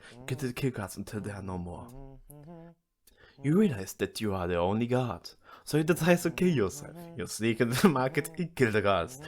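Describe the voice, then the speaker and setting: A man reading an AI-generated adventure story aloud in a deadpan manner. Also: lowish voice.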